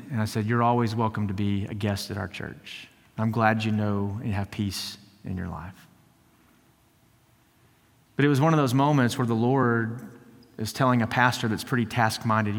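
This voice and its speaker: A man's voice: on the low side, moderate pace. A man, a lead teaching pastor, preaching a sermon in a conversational storytelling way that builds to fervent emphasis, with frequent repeated words. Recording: long hall reverb.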